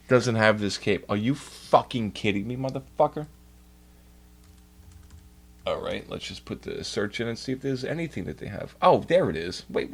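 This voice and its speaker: This young New York streamer's casual livestream rant is loose, profane and exasperated, delivered at a moderate pace. He's animated, his pitch swinging widely and rising high whenever he gets worked up.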